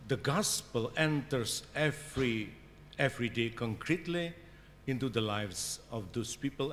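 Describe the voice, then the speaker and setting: A man's voice: mid-range voice, a little hiss or hum. A man with an Indonesian accent giving a conference lecture, hesitant with many fillers and restarts. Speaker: conference keynote speaker. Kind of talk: academic lecture. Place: conference hall. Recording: hall reverb with faint ambience.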